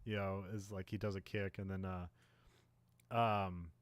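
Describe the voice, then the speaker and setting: A man co-hosting a podcast, casually recapping a film plot with many fillers and quick acted-out character lines. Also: deep voice, little pitch movement, no room sound. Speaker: podcast co-host. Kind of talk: casual movie recap chat.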